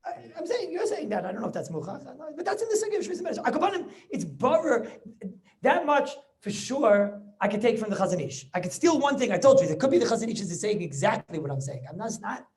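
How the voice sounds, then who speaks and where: Teaching Talmud on a video call, this rabbi has a high, sing-song voice with a darkish quality. He often doubles back, repeating and restarting his words, and asks brief questions to make sure the class is keeping up.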